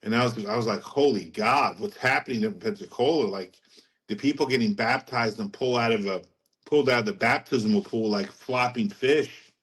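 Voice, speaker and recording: A middle-aged man, a podcast guest, telling his faith story in a rambling, animated way and laughing at his own anecdotes. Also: mid-range voice, normal speed, poor audio. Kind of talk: casual testimony storytelling.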